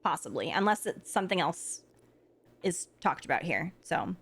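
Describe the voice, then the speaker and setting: A woman's voice: on the low side, sing-song, moderate pace, fairly bright tone, slightly rough. A woman streaming a game live, chatting casually and thinking aloud with lots of fillers.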